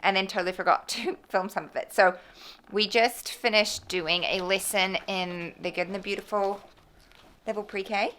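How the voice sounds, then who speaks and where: A woman talks through a casual home vlog at an everyday middle pitch. She is chatty and self-deprecating and laughs often. Steady household noise sits clearly behind her voice. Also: normal speed. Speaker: homeschooling mother and vlogger. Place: busy family home. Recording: noisy home background.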